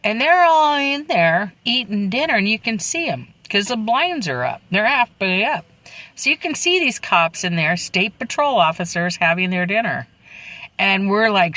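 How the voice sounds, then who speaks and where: Rambly candid storyteller, lots of asides, bright tone, easy chatty style. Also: mid-range voice, low-quality recording. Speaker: memoir storyteller. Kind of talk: casual personal storytelling.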